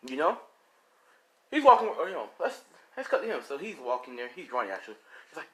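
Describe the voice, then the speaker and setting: A man's voice: fairly high pitch, expressive, fast talker, slight background noise, low-quality recording. Rambling young man telling a fan story. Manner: rambling, full of "you know" and "he's like". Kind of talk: improvised fan story narration.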